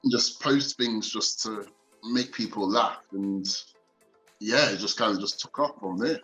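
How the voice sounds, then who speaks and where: A man's voice: on the low side, a little slow, a bit bright, faint music behind, poor audio. A man from Nottingham, England, guest on a podcast, talking openly in a casual chat and laughing readily. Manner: open, easygoing, laughs readily.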